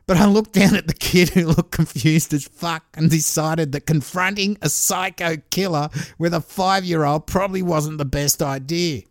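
A man's voice: on the high side, normal speed, few pauses, no room sound, clean studio sound. A man hosting a true crime podcast, reading out a listener's story in a casual, profane way and chuckling along as he goes.

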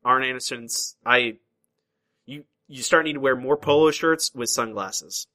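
A man's voice: mid-range voice, a little slow, sharp tone, low-quality recording. A man hosting a casual podcast chat, chatty and easygoing, often restarting his sentences. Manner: chatty, hesitant restarts, laughs easily. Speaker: podcast host.

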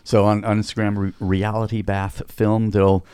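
Male co-host, very low voice, dry close mic, halting, casual cursing. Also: level tone, darkish tone, clear, resonant tone, dry recording. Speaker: podcast co-host and author. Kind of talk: casual chat.

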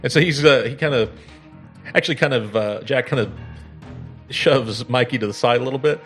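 A middle-aged man playing a tabletop game, describing his moves haltingly with fillers and chuckles. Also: medium pitch, fairly bright tone, soft background music. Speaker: player.

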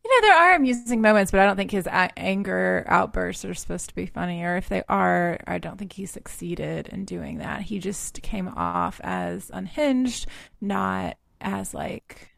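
Woman on a movie podcast thinking out loud, lots of vocal fry, dry mic. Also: medium pitch, sing-song, moderate pace, no echo. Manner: thoughtful, analytical, trails off quietly. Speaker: podcast co-host. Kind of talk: casual film discussion.

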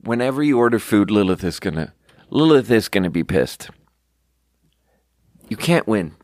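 Podcast host, young man, low voice, loose and candid, a bit profane, dry close mic. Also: big pitch swings, moderate pace, a little mellow, dry recording. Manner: candid, swearing, storytelling with quoted voices. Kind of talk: casual rambling monologue.

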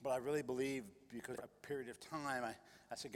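A man's voice: mid-range voice, steady tone, quick pace, big-room sound. A male pastor telling a personal testimony in a sermon, earnest, sometimes repeating his words. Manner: earnest storytelling, repeats himself.

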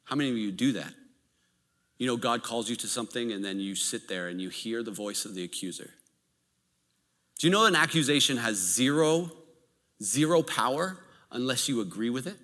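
Bright-voiced male preacher in a hall. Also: medium pitch, normal speed, pauses often. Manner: animated, anecdotal preaching with laughs. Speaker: pastor. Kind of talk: sermon. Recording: reverberant hall.

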